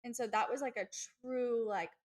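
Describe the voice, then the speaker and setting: A young woman co-hosting a podcast, telling personal stories in a chatty, animated way. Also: a little high, moderate pace. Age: young adult. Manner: chatty, animated storytelling with acted-out quotes. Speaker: podcast co-host. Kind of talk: casual podcast chat.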